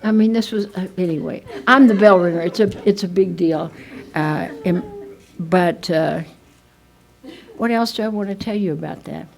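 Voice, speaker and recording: Older woman, speaker at a recovery meeting: lowish voice, rambling, self-deprecating storyteller. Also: normal speed, creaky, darkish tone, low-quality recording. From United States. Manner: chatty, self-mocking storyteller with many restarts. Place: meeting room.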